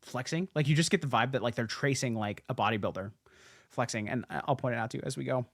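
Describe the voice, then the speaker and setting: A young man hosting a casual podcast, retelling old comic stories with lots of "like"s and quick restarts. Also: medium pitch, no echo, studio quality. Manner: animated storyteller, many "like"s and restarts. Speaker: podcast host. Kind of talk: casual comic-history chat.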